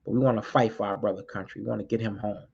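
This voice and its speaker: A man's voice: lowish voice, fairly even intonation, racing, gravelly, a little mellow, husky. Fiery preaching man, lo-fi recording. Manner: fiery, preaching, repeats key lines for emphasis; blunt, swears freely. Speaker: community activist addressing street groups. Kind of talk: impassioned spoken address. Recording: dull lo-fi recording.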